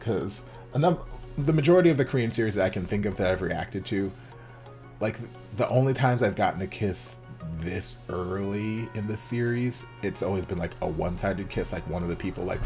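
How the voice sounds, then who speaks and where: A man's voice: sits low, steady tone, normal speed, darkish tone, faint music behind. A man hosting a drama reaction channel, chatting casually and gushing through an episode recap while acting out the characters' lines.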